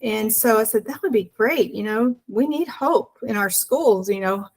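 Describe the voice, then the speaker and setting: A woman's voice: a little high, normal speed, low-quality recording. A woman telling an earnest personal story as an interview guest, acting out the dialogue as she goes.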